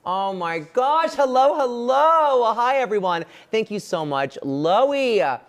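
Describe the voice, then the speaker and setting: A co-host with a sassy, campy manner who keeps calling people "baby" on a playful live show. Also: female voice, medium pitch, very animated, slow. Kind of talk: playful live-stream hosting.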